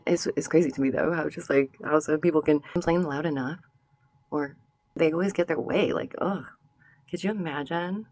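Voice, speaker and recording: A woman's voice: sits low, a little mellow, dry recording. A woman vlogger giving sassy casual commentary straight to her viewers, slipping into mocking voices.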